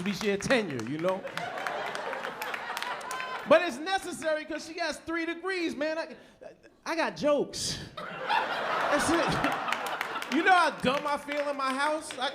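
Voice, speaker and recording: High, animated man doing stand-up. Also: normal speed, background noise. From United States. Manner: animated, loud punchy delivery with shouted bits. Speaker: stand-up comedian. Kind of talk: stand-up comedy set. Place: comedy club stage before a live audience. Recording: live club recording with audience laughter.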